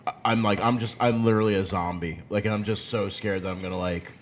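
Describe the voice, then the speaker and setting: A fairly low-voiced man co-hosts a casual podcast, talking in a halting way with many restarts. He tells personal stories in an easygoing tone. Faint room hum lies under his voice. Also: fairly even intonation. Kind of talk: casual chat.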